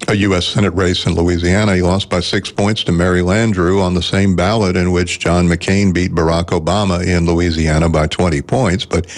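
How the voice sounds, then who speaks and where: A man hosting a public radio talk show, measured and informative. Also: deep voice, fairly even intonation.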